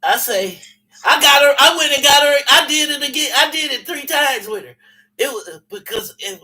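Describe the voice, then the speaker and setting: A man telling a story in casual chat, animated and profane, with lots of repetition. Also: extremely high pitch, normal speed, rough recording.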